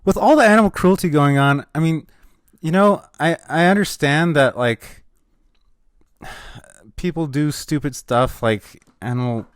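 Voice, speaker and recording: A man's voice: fairly high pitch, unhurried, long pauses, smooth, no echo. A man reviewing comics in a casual chat, emotional and hesitant, often trailing off.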